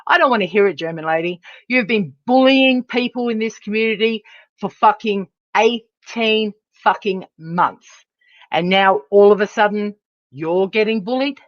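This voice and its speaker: A woman's voice: medium pitch, normal speed, dry recording. Woman streamer, angry profane rant, dull lo-fi sound, dry close audio. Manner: heated, profane, emphatic. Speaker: livestream host.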